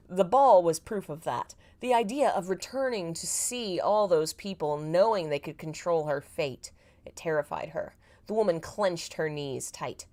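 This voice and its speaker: A woman's voice: deep voice, unhurried, darkish tone. A woman reading her old fanfiction aloud live and making joking asides about it. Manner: self-mocking, laughs at her own writing.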